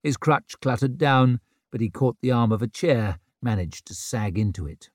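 A man with a mid-range voice narrates a fantasy audiobook in an even, measured storytelling style. The scripted reading is studio quality with no room sound.

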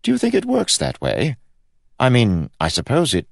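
A man voicing a playful, teasing young prince of about twenty, calm and wryly amused. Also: mid-range voice, normal speed, gravelly, no echo, studio quality, pitched above the performer's own voice, exaggerated voice.

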